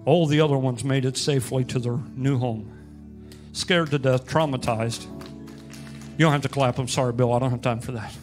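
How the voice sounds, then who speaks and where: A man preaching a sermon as pastor, storytelling and rising to loud, emphatic peaks, with soft music behind. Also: medium pitch, fairly even intonation, moderate pace.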